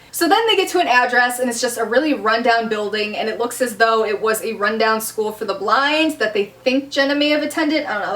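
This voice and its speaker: Young woman, high voice, bubbly TV recap vlogger, slightly off-mic. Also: far from the mic. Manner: excitable, laughs often, acts out scenes. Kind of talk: casual TV recap.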